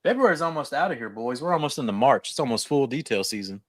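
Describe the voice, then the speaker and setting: A man hosting a casual livestream, hyped and promotional, with quick asides. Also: mid-range voice, lively intonation, dry recording, studio quality. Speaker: host.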